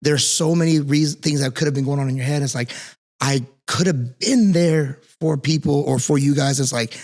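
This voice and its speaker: Fairly high in pitch with a darkish tone, he speaks at normal speed. He hosts a casual interview podcast and teaches martial arts, and his earnest delivery rambles with frequent restarts and fillers.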